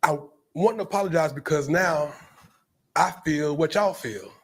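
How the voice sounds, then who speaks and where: A man's voice: a little high, moderate pace, husky. A man from Florida speaking at a county commission meeting podium in an emphatic public comment, repeating himself and addressing people directly. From Brevard County, Florida.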